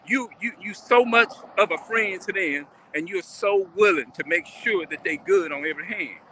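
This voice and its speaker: Guy on a live stream, pretty high voice, goes round in circles asking you questions, faint traffic noise behind. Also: normal speed, hardly any pauses, bright, forceful tone. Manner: repetitive, rambling, asks listeners questions. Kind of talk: casual live-stream talk. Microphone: phone or webcam on a live stream.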